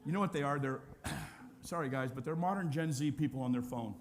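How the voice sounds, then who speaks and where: An older man preaching a sermon as pastor, animated and humorous, acting out the scenes he describes. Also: medium pitch, a little fast, very noisy.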